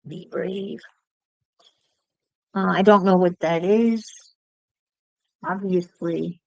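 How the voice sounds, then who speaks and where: A woman's voice: on the low side, steady tone, slow pace, creaky, a little mellow, no room sound, lo-fi sound. A woman chatting casually to livestream viewers while she crafts, musing aloud as she works.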